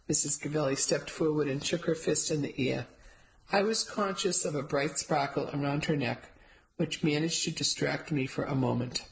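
A woman's voice: low voice, normal speed, poor audio. A woman giving wry, amused first-person audiobook narration.

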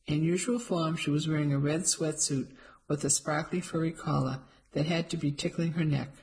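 Audiobook narrator, first-person, wry, observant, mid pitch. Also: fairly even intonation, moderate pace, darkish tone, slight background noise, low-quality recording.

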